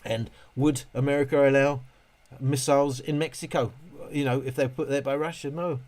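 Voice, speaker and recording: Speaking at a normal speed with a darkish tone, a middle-aged man hosts a relaxed live stream and works through viewer comments. His medium-pitched voice barely moves in pitch, and his replies ramble, interrupting themselves and restarting many times.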